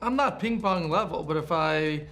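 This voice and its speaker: A man's voice: a little high, expressive, normal speed, creaky, a bit bright, slight background noise. A man from the Boston area, an actor in an interview, easygoing and explaining with examples. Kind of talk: casual interview chat.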